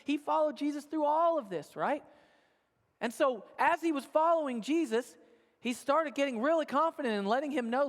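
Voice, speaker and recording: In a church auditorium, a male pastor with a very high voice and lively intonation tells a sermon story at a moderate pace. He keeps it casual and conversational, tagging lines with "right?", and a long church-hall reverb trails his words.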